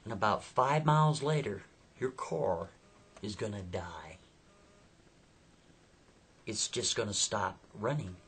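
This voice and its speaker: A man voicing a calm, mysterious male hitchhiker who speaks matter-of-factly, in a slightly husky voice. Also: fairly low pitch, slow, long pauses, heavily acted. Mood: ominous. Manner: calm, matter-of-fact foretelling.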